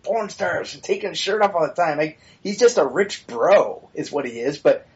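A man's voice: fairly high pitch, expressive, moderate pace, muffled recording. A man co-hosting a podcast in casual, opinionated chat, blunt and swearing freely with rambling asides. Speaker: podcast co-host.

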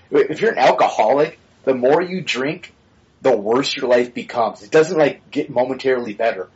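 A man's voice: medium pitch, lo-fi sound. A man co-hosting a podcast in casual, opinionated chat, blunt and swearing freely with rambling asides. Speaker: podcast co-host.

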